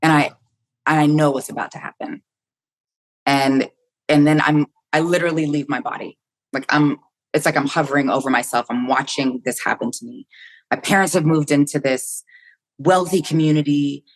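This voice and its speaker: A woman's voice: sits low, steady tone, moderate pace. Woman telling a vivid, candid story. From United States. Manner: vivid, candid storytelling, acting out her inner thoughts, swears freely. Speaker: podcast guest. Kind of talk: personal storytelling in a podcast interview.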